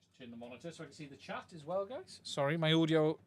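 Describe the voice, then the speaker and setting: Heavy background noise surrounds this man's high, animated voice, which moves at a quick pace. He's repairing a radio controller on a live stream at his workbench, thinking out loud and chatting with the audience. He uses a desk mic and switches mics during the stream.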